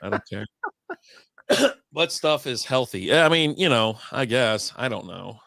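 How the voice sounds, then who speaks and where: Though recovering from illness, this beer and sports stream co-host rambles through his stories, swearing and laughing along the way. His medium-pitched voice is bright, forceful, and creaky, a little slow but lively in intonation, with no room sound.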